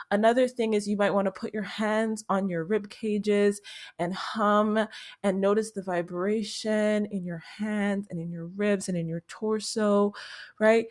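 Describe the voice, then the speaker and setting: A woman hosting a self-help podcast speaks in a gentle, unhurried, soothing way. Her voice sits at a middle pitch. She sounds like a young adult. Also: fairly even intonation. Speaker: podcast host.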